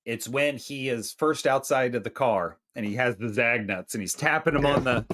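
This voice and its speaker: A man co-hosting a movie review podcast in casual chat, swearing freely and tossing in quick asides. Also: medium pitch, background noise. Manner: profane, chatty, quick asides.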